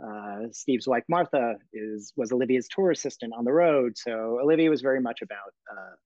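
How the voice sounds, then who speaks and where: Man telling warm stories, dull-sounding. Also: mid-range voice, no room sound. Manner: emotional, rambling, many fillers and restarts. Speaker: guest. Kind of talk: casual storytelling interview.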